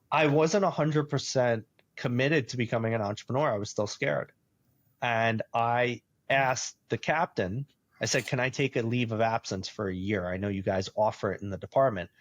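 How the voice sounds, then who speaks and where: There's no room sound as this medium-pitched podcast host tells a personal story. The casual storytelling is animated, with frequent laughs, and he acts out the voices of people in the tale.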